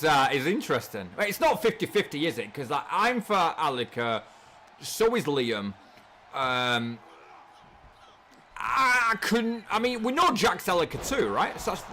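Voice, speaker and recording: English guy streaming and commentating a wrestling game, swears a lot, bouncy lively voice, kinda high. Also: moderate pace, slight background noise. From England. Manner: excitable, swears freely, repeats himself.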